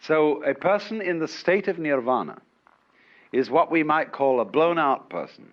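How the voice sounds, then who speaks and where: Man lecturing to a hall, lively up and down voice, wry and unhurried, muffled old tape sound. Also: on the high side. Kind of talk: public lecture. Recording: dull lo-fi archive lecture recording.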